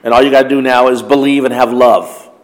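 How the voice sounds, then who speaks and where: A man preaches in a mid-pitched voice, reading scripture and then unpacking it in plain talk. He keeps asking the listeners questions as he goes. His voice rings out with the long reverb of a large hall. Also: fairly even intonation, fairly quick. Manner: reads scripture aloud then explains it conversationally, posing questions. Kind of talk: Bible study sermon.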